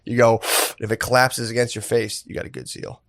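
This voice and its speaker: A man's voice: medium pitch, flat delivery, a little fast, a bit bright, dry recording, studio quality. A man co-hosting a casual comedy podcast, laid-back and laughing often, saying "dude" a lot. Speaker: podcast co-host.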